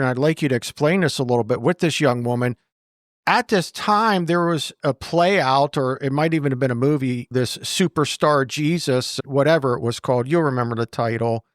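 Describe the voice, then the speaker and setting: Male interview host, slightly higher voice, quick prompting questions, dry close mic. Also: no echo.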